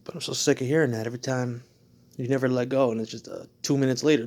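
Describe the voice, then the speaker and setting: With a mid-range, steady voice and a quick pace, this male drummer rants defiantly and profanely at unseen people. He mocks them, laughs between lines, and veers from loud outbursts down to muttered whispers.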